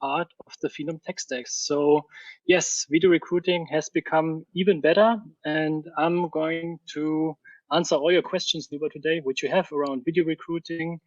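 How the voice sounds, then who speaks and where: A man who co-founded a company, speaking eagerly as a webinar guest with slightly halting phrasing. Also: on the high side, steady tone, no room sound. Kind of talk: webinar conversation. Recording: dull, distant webcam audio.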